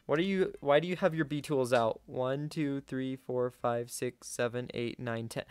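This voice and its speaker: A young man giving live gameplay commentary, swinging between yelling in frustration and quiet muttering to himself. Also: medium pitch, moderate pace, few pauses, clear, resonant tone, dry recording. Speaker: gaming YouTuber.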